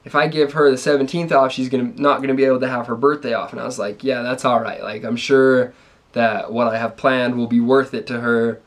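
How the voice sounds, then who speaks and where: A man's voice: medium pitch, little pitch movement, fairly quick. Brief: young man, easygoing rambling storyteller, mid-range voice, casual vlog chat. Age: young adult. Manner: laid-back, rambling, lots of ums. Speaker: vlogger's fiancé.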